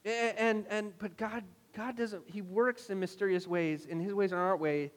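A man preaching a sermon as pastor, telling stories in an animated way with mock-exasperated asides. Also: high-pitched, moderate pace. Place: church hall. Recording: long hall reverb.

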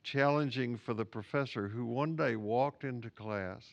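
A man hosting a conversational interview, asking measured questions with some hesitation. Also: mid-range voice, creaky, dull audio. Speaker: host.

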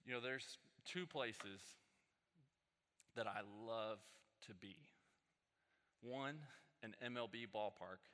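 A man preaching a sermon as pastor, telling stories in a loose conversational way that rises into animated peaks. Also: lowish voice, takes it slowly, long pauses. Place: church sanctuary. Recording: reverberant hall.

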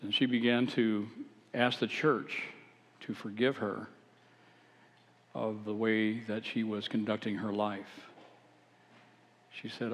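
A man's voice: on the low side, level tone, measured pace, pauses often. Man preaching in a reverberant hall. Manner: earnest, rising to emphatic exhortation. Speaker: pastor. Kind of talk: sermon.

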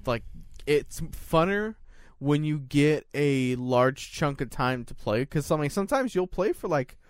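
A man's voice: fairly high pitch, expressive, a little slow, smooth, no echo, studio quality. A man co-hosting a casual podcast chat, talking hesitantly with lots of filler words. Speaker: podcast co-host.

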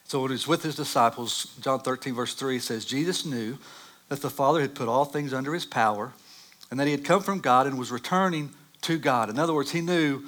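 A man preaching a sermon, reading scripture and telling animated personal stories that rise loud at dramatic moments. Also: mid-range voice, a little fast. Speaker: pastor.

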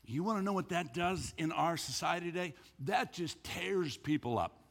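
A pastor preaching with a high, lively voice that swoops up and down. He is emphatic and keeps repeating words as he drives a point home. The sound carries the long echo of a church hall. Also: moderate pace, vocal fry. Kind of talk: sermon. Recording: echoey hall.

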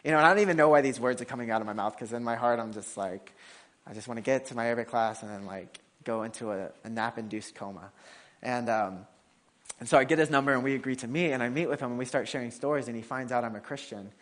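Male preacher, mid pitch, rapid, chatty sermon full of restarts and fillers. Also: a bit bright. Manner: casual, fast, frequent restarts and fillers. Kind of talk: conversational sermon with personal story.

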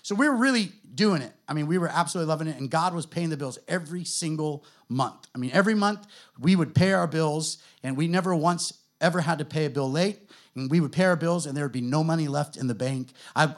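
A middle-aged man with an American accent, a guest pastor telling his story to a church in a relaxed, conversational way, full of fillers. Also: fairly high pitch, fast talker. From United States. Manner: conversational, self-deprecating, many fillers.

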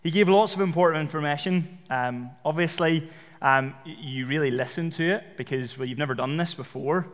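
Male preacher, slightly high voice, chatty storytelling sermon, long church hall reverb. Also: a little fast. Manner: conversational storytelling with fillers. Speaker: pastor.

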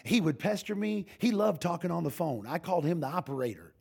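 A man's voice: fairly high pitch, fairly quick, creaky, darkish tone, slightly rough. An older man, a pastor, giving an informal sermon full of humorous stories, folksy and joking, with frequent restarts.

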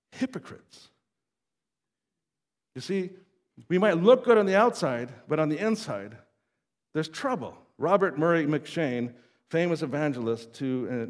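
A pastor delivering a sermon in a relaxed, conversational way, chuckling now and then and slipping into quoted voices. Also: male voice, medium pitch. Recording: long hall reverb.

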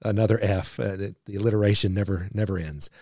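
A man hosting a podcast, measured and affirming, with a few filler uhs. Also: on the low side, steady tone, a little mellow, no echo, studio quality. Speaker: podcast host. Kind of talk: podcast interview.

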